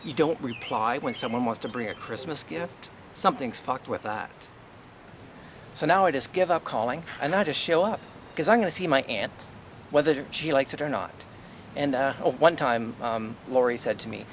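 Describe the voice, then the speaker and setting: A middle-aged man vents about his family in a blunt, aggrieved monologue, swearing freely and tossing out rhetorical questions. His voice sits at an ordinary middle pitch. A faint hum of ambient noise and passing vehicles runs behind him. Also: moderate pace. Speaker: vlogger. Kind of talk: personal storytelling monologue.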